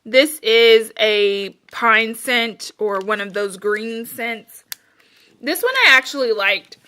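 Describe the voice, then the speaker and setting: A woman's voice: fairly high pitch, takes it slowly, sharp tone. A woman casually chatting through her candle reviews, rambling with plenty of fillers and sounding a little out of breath. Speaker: candle and wax melt reviewer. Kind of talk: casual chat.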